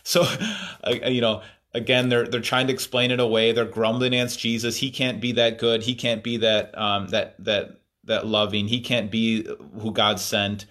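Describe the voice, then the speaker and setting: A man's voice: fairly low pitch, fairly even intonation, moderate pace, fairly bright tone. A man preaching a sermon, reading scripture aloud and explaining it in a thoughtful way, with frequent fillers and restarts.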